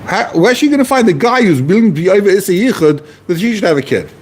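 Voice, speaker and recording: A man's voice: high-pitched, sing-song, fast, darkish tone, a little hiss or hum. A man teaching a text class, posing questions and answering them, repeating key phrases as he explains. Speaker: Talmud teacher. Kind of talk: lively explanatory lecture.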